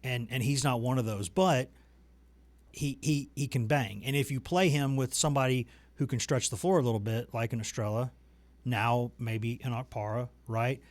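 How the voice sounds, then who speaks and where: A man's voice: mid-range voice, moderate pace, no room sound. Chatty man in a dry studio. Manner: chatty, rambling, self-deprecating humor. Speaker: sports reporter and show host. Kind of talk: casual sports talk. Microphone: desk microphone.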